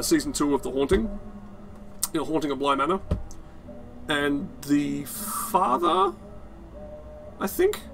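Young-adult man, casual game commentary, swears and laughs a lot, slightly high voice. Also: gravelly. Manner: rambling, sweary, laughs often. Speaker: game streamer. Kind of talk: casual let's-play commentary.

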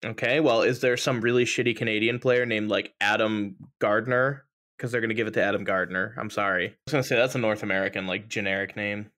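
A man's voice: fairly low pitch, steady tone, quick pace, fairly bright tone. A man co-hosting a podcast in casual chat, rambling playfully through silly ideas. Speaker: podcast co-host.

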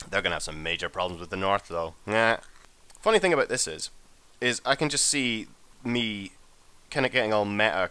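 Sweary, animated gamer man. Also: fairly low pitch. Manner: sweary, excitable, mutters to himself. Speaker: let's play gamer. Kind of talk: casual gameplay commentary.

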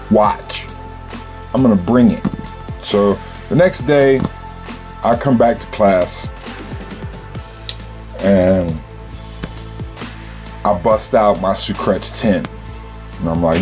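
A man's voice: mid-range voice, animated, slow, long pauses, a little mellow, soft background music. A man telling a childhood story in casual, streetwise slang, with lots of "you know.".

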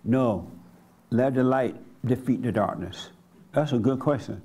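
A man's voice: mid-range voice, a little slow, mellow, slightly rough. A man leading a church gathering, teaching in a blunt, colloquial way and putting questions to the congregation. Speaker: pastor.

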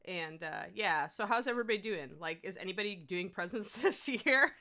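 A woman's voice: animated, normal speed, pushed and bright. A woman hosting a casual livestream, chatty and giggly, rambling about her week. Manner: chatty, giggly, talks to her dog in high baby voice. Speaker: host.

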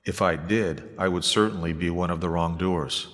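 A patient old prophet, earnest and steady, as a man reads him aloud. The voice sits very low and trails into a long hall reverb. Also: normal speed. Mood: pleading.

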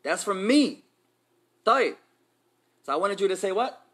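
Guy teaching a class, bright forceful voice, jokey, mixes arabic and english, keeps quizzing students. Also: sits high, expressive, measured pace, a little hiss or hum. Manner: playful, street slang mixed in. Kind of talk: Islamic class lesson.

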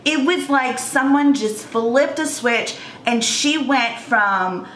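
Woman, 30s, vlogger; high-pitched, earnest and emotional, echoey room. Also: slow pace, a bit bright, a little hiss or hum. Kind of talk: storytime vlog.

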